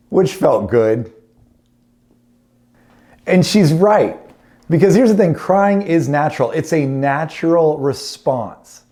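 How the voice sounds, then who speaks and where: A man's voice: on the high side, expressive, slow, long pauses, warm tone. A man in his thirties, a pastor telling a family story in a sermon with humorous, self-deprecating asides.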